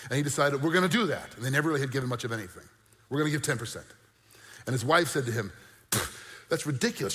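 A male pastor delivering an animated sermon, with bursts of mock disbelief and a conversational, joking aside. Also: mid-range voice, long reverb tail. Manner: animated preaching with mock-incredulous outbursts.

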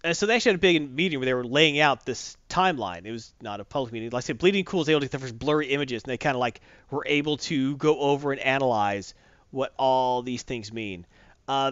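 A man's voice: mid-range voice, a bit bright, clear, resonant tone, dry recording, muffled recording. A man chatting casually as a podcast host, rambling and correcting himself as he goes. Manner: rambling, self-correcting, enthusiastic. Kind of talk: casual chat.

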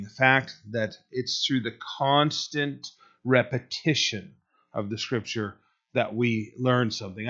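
A man's voice: lowish voice, bright, forceful tone. A man giving a conversational sermon, rambling with many fillers and restarts. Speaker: preacher. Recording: dull lo-fi recording.

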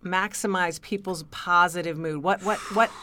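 A woman's voice: lowish voice, steady tone, normal speed, pushed and bright. Casual woman podcast co-host. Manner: conversational, quizzing her co-host with fillers. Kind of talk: casual chat, summarizing a book.

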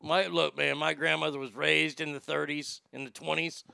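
A man's voice: on the high side, level tone, normal speed, vocal fry, pushed and bright, clean tone, no room sound. A man casually telling candid, profane, rambling stories to a familiar audience. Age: adult. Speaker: storyteller.

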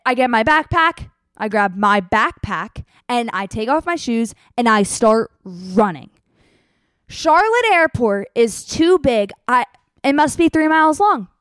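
Animated young woman, higher voice, dry sound. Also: unhurried, no echo. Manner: animated, breathless, exaggerated, swears casually. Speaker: vlogger telling a travel story. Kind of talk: casual storytelling.

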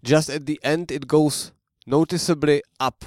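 A man's voice: on the high side, steady tone, measured pace, few pauses, darkish tone, no room sound, studio quality. A man teaching a language lesson, explaining carefully and modeling sounds for the listener to repeat.

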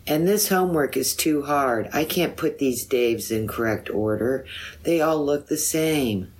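A woman reading a poem aloud, voicing a gentle, dreamy wife who raises her voice to be heard. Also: a bass voice, expressive, slow, voice pushed up, exaggerated voice. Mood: calling out.

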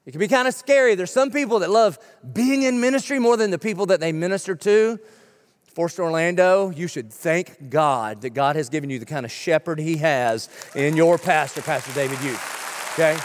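A middle-aged male pastor preaching a sermon in a church, joking and punchy, firing off quick lists. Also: on the high side, in a large hall, some chatter behind. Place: church sanctuary.

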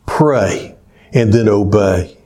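Male preacher, unhurried sermon delivery, warm low timbre, deliberate pauses. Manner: slow, deliberate storytelling with pauses.

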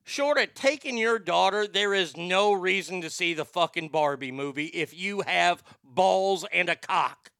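A male host rants through profane, sarcastic commentary with plenty of heat. His voice is fairly high for a man, bright and crisp, and it sounds dry and close to the mic. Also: unhurried, hardly any pauses, no echo. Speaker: show host. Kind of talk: ranting commentary.

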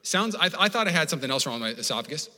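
A man preaching a sermon as pastor, animated and conversational, acting out the voices he quotes, with frequent restarts. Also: fairly high pitch, very fast, long reverb tail. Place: church auditorium.

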